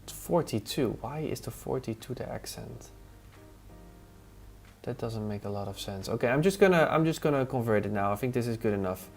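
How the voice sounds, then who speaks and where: A gravelly mid-range voice at a moderate pace belongs to a man testing design software on a casual stream. Thinking aloud under his breath, he answers viewers in chat between tasks, backed by a relaxed music playlist.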